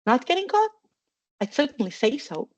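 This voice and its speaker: A woman voicing a bookish, bossy schoolgirl witch who asks brisk, insistent questions in a storybook reading. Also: high-pitched, very animated, dry recording, highs cut off, pitched above the performer's own voice.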